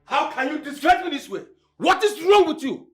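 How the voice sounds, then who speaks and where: A man's voice: a little high, big pitch swings, normal speed, roomy sound, recorded from a distance, soft background music. An actor playing a father who scolds his daughter and defends himself. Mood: angry. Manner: indignant, defensive.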